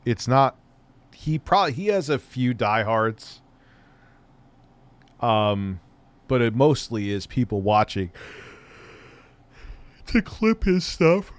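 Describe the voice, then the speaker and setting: A man's voice: medium pitch, takes it slowly, pauses often, clear, resonant tone. A middle-aged man hosting a live stream, chatting loosely and rambling, with casual swearing. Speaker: streamer host.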